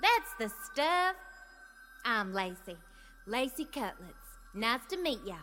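A woman's voice: a little high, very animated, slow, sharp tone, soft background music, exaggerated voice. A woman voicing a breezy female afterlife official with a folksy twang and a playful, teasing manner. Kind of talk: audiobook character voice.

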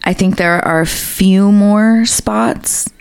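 A woman's voice: medium pitch, slow, gravelly, clear, resonant tone, no echo. A woman co-hosting a casual podcast, reading a listener's funny letter aloud and laughing through it, swearing freely. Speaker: podcast co-host.

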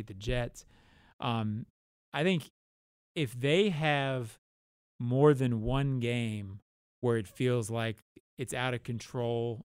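Halting male sports analyst, dry sound. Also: medium pitch, clear, resonant tone, no echo. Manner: halting, with restarts. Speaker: show co-host. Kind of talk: sports analysis and interview questions.

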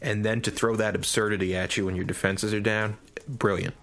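A man co-hosting a podcast, telling a story in casual chat with lively enthusiasm. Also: lowish voice, fairly quick. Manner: animated storyteller. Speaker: podcast co-host.

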